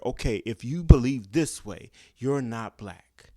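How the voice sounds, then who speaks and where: A man's voice: mid-range voice, expressive, a little slow, hardly any pauses, warm tone, no room sound, clean studio sound. A young man giving a passionate, preachy opinion commentary, often asking "guess what?" to drive his point home. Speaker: commentary vlogger.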